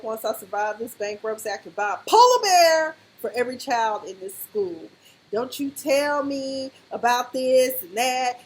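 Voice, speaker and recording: A woman with a slightly higher voice gives a casual, chatty review of a TV drama. She throws herself into quoting the characters, shifting her delivery as she plays each one. A faint background hum sits under her voice. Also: low-quality recording. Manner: animated, acts out characters' lines in quotes. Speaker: TV recap vlogger.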